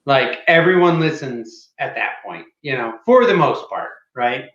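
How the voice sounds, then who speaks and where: A man's voice: mid-range voice, lively intonation, measured pace, a bit bright, echoey room, highs cut off. A man, a former Marine hosting a podcast, telling stories bluntly with plenty of swearing. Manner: blunt and profane, dry asides. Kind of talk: casual podcast chat.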